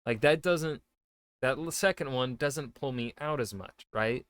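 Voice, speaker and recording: A man's voice: medium pitch, measured pace, fairly bright tone. A man, an author, giving casual reaction commentary, rambling with many fillers and restarts. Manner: rambling, lots of fillers and self-corrections.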